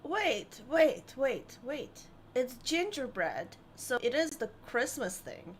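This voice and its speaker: High-voiced woman co-hosting a stream, bouncy and teasing, slow talker, faint hum behind. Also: big pitch swings. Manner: playful, giggly, teasing. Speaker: co-host of a live stream Q&A. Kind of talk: casual live-stream chat.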